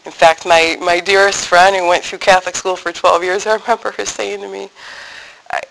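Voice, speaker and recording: A woman tells a personal faith story to an audience, her voice edged with gravelly fry. Her tone is bright and forward. She is animated and acts out the family members she quotes. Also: on the low side, moderate pace, rough recording. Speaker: speaker sharing a faith testimony.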